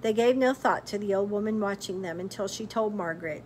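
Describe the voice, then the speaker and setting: A woman reads a storybook aloud with expressive narration, pausing to ask her listeners questions like a teacher. Her voice sits in an ordinary middle pitch. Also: slight background noise. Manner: expressive, pauses to quiz listeners.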